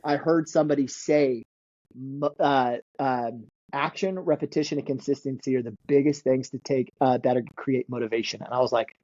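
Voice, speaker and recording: A man talks as a podcast guest in a casual, excitable way, tripping over repeated words and laughing. His voice sits at an ordinary pitch. The sound is dull and lo-fi, with no room echo at all. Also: normal speed. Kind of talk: casual interview chat.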